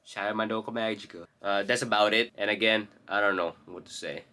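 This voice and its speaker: A man's voice: fairly low pitch, fairly even intonation, a little fast, pushed and bright. A young man ranting casually about an anime, blunt and profane, rambling and correcting himself as he goes. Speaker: anime commentator. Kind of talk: casual rant to camera.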